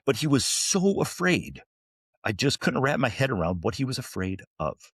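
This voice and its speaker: A man's voice: medium pitch, very animated, normal speed, husky, no room sound, clean studio sound. A man in his forties, a firefighter officer, telling stories in an interview with earnest restarts and fillers. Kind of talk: storytelling interview answers.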